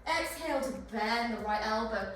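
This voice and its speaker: High-voiced woman guiding a yoga flow. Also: normal speed, fairly bright tone. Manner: encouraging, cueing breath and poses. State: out of breath. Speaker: yoga instructor. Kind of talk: guided yoga flow instruction. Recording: very echoey room, voice far from mic, music behind.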